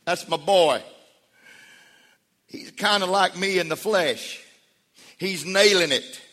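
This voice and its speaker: A man voicing the proud heavenly father booming down from heaven, in a gravelly, drawn-out, exultant way, with a long church reverb. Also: bright, forceful tone, exaggerated voice.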